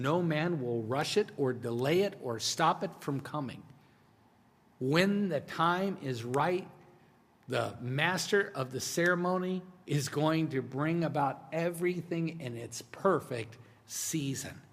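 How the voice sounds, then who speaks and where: A man's voice: on the high side, takes it slowly. Male pastor preaching in a reverberant hall. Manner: conversational preaching, swings between hushed and emphatic. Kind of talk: sermon.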